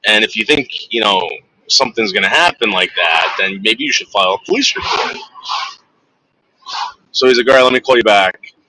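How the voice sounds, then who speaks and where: A man's voice: fairly low pitch, lively intonation, normal speed, long pauses, pushed and bright, low-quality recording. Profane rambling man telling a story. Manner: rambling, profane, acts out voices in retelling. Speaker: streamer. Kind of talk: casual storytelling to viewers.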